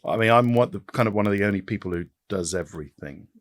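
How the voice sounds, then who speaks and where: A man in his fifties, a podcast guest, talking in an animated way with quick restarts and repetitions. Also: fairly low pitch, no room sound, studio quality. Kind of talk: casual interview chat.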